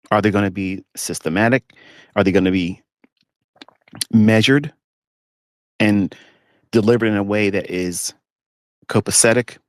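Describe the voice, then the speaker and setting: Man, low voice, blunt, ranting, mocking, dry close sound, live audio talk. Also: no echo. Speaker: trading mentor. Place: inside a parked pickup truck.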